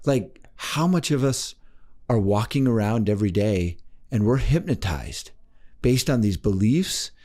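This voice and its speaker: A lively man with a somewhat low voice tells a story on a podcast, his pitch jumping up and down as he acts out the people in it. His delivery is animated and expressive. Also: measured pace. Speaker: guest, life coach.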